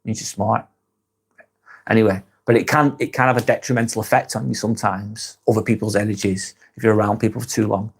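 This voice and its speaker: A man's voice: lowish voice, steady tone, fast talker, vocal fry, breathy edge. A man with a Lancashire accent, hosting a casual live stream, reading out viewer comments and answering them frankly, swearing often. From England. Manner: frank, swears freely, muses aloud.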